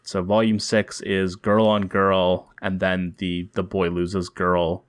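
Low-voiced man chatting casually about comics. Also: slow pace, no room sound, clean studio sound. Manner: relaxed, thinking aloud with restarts and chuckles. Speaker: podcast co-host. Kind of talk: casual comic book discussion.

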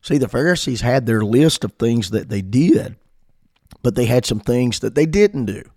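A man's voice: medium pitch, lively intonation, normal speed, a little mellow, no room sound, studio quality. A man preaching a sermon, earnestly quoting scripture in old-fashioned wording.

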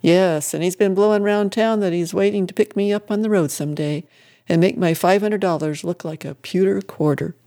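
Brief: horse-proud old deacon, plain and boastful, read by the narrator, mellow tone. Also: medium pitch, steady tone, normal speed, close to an everyday voice. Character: stubborn older deacon proud of his horses.

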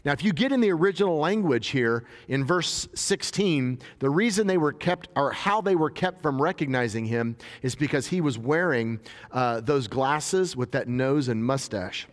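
A man's voice: mid-range voice, animated, moderate pace, few pauses. A man preaching a sermon in a casual, joking way, reading scripture and paraphrasing it in everyday talk. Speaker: pastor. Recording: long hall reverb.

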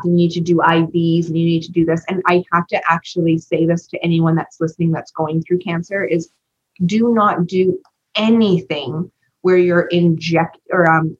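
A woman co-hosting a podcast in casual chat, telling a personal story with animation and acting out the voices of the people in it. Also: on the low side. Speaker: podcast co-host. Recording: dull lo-fi podcast recording.

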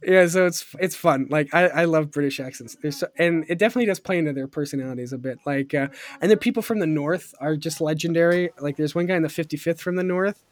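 Young guy hosting a podcast, kinda high voice, rambly and excited, super dry close mic. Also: fast talker, hardly any pauses, no room sound. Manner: rambling, enthusiastic, lots of fillers and laughs. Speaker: podcast host. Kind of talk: casual chat.

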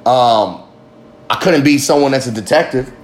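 A podcast host delivers a casual, rambling monologue that is profane and emphatic. His voice is medium in pitch and moves at a normal speed.

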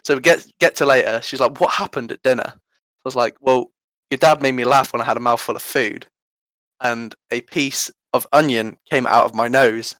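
A man's voice: medium pitch, steady tone, moderate pace, a bit bright, no room sound, low-quality recording. An eighteen-year-old man with an English accent telling rambling, self-deprecating stories in a casual podcast chat. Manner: rambling, self-deprecating anecdotes, laughs often. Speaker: guest storyteller.

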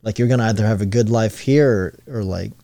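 A man hosting a casual podcast, chatty and full of "like" and "you know", firing off quick questions. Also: on the low side, gravelly, warm tone, no echo. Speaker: podcast host.

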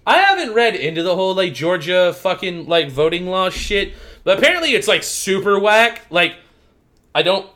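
A man's voice: sits high, sing-song, moderate pace, bright, forceful tone. A young man co-hosting a casual podcast, rambling and swearing, filling his talk with "like.". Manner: rambling, profane, heavy use of "like". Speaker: podcast co-host.

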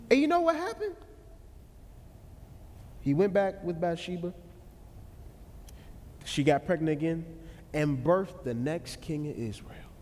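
A man preaching a sermon, telling a story dramatically, with swings between loud peaks and hushed lows, and speaking in a Black American vernacular style. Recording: long hall reverb.

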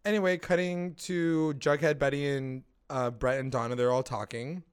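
A man in casual recap mode, animated and sweary as he acts out scenes. His voice sits at an ordinary middle pitch. He jumps between telling the plot and playing the characters. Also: normal speed, clear, resonant tone. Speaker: podcast co-host.

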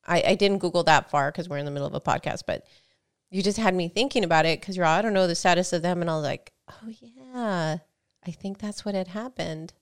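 Smooth-voiced woman podcast co-host. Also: on the low side, racing. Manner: chatty, tells stories with quoted dialogue. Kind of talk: casual chat.

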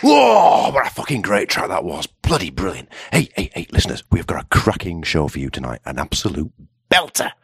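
A man who hosts a comic radio show, rambling, excitable and sweary. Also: extremely low pitch, a little fast, a faint crowd.

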